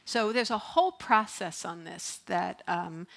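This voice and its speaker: A woman's voice: fairly low pitch, unhurried, gravelly. A middle-aged woman minister giving a sermon in a church, talking in a chatty, playful way and laughing often. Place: church sanctuary.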